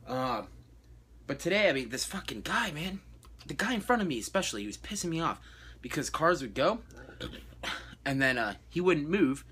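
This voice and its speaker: A man's voice: a little high, sing-song, moderate pace, long pauses, bright, forceful tone, slightly rough. A young man ranting casually and profanely about his day, exasperated and blunt. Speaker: vlogger. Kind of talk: casual rant.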